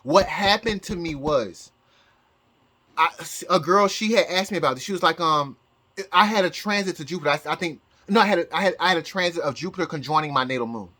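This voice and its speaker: A man's voice: a little high, fairly quick, bright, forceful tone. A man talking in a casual vlog as a psychic, rambling with many restarts and bursts of laughter. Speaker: psychic YouTuber.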